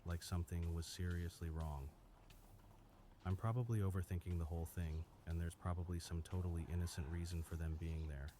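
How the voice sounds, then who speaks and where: A man reading scripted first-person horror stories in a steady, measured way. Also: low-pitched, a little hiss or hum. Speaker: story narrator. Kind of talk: scripted horror story narration.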